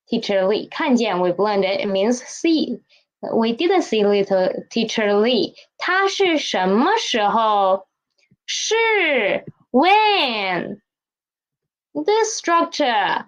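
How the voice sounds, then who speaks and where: A woman's voice: on the high side, rough recording. A woman teaching a Chinese language lesson, asking questions and having learners repeat words after her. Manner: slow, questioning teacher talk with repeated drills.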